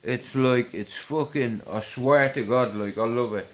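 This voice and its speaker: A man's voice: mid-range voice, unhurried, slight background noise. A middle-aged man with a Dublin accent, chatting casually to his livestream viewers, rambling and swearing freely, with a chesty voice from a chest infection. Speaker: livestream host.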